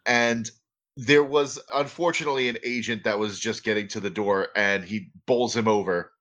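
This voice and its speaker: A man's voice: lowish voice, steady tone, moderate pace, a bit bright, dull audio. A man narrating as game master of a tabletop role-playing game, laughing often as he describes the scene. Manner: laughs often, acts out characters.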